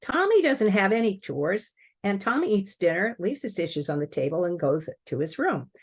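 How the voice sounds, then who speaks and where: A woman giving a prepared talk on stepfamily life, explaining earnestly and clearing her throat now and then. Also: mid-range voice, big pitch swings, moderate pace.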